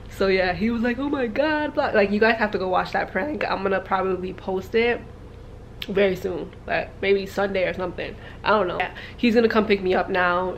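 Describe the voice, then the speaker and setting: A woman talking casually to the camera in a vlog, chatty and quick to laugh. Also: mid-range voice, a little hiss or hum. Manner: chatty, laughing, loud and lively when out with friends. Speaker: vlogger.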